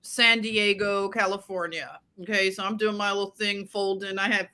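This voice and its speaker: Bright chatty woman telling stories on a podcast, laughs a lot. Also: mid-range voice, moderate pace. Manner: animated storyteller, laughs often. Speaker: podcast co-host. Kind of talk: casual chat.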